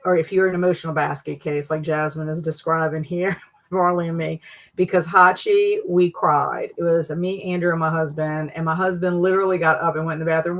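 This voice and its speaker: Woman, livestream host, casual chat, slightly low voice, warm and chatty, excited high greetings. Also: normal speed, creaky. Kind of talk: casual livestream chat, reading viewer comments.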